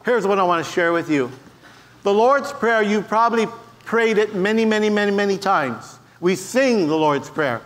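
A man's voice: high-pitched, normal speed, slight background noise. A man preaching a sermon to a church congregation, telling stories and acting out the voices of the people in them. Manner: animated storyteller, acts out voices in quotes. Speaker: pastor. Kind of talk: sermon with storytelling.

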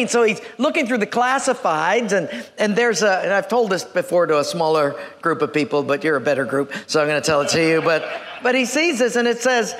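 A male pastor tells the story in a folksy, joking way, chuckling as he goes. His voice sits high for a man. The sound carries a long reverb, as in a church hall. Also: lively intonation, fairly quick, fairly bright tone. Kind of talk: humorous sermon storytelling.

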